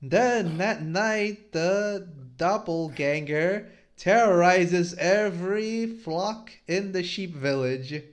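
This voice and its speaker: A man's voice: high-pitched, slow pace, few pauses. A man hosting a casual comic-review podcast, reading panels aloud and laughing often. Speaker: podcast host.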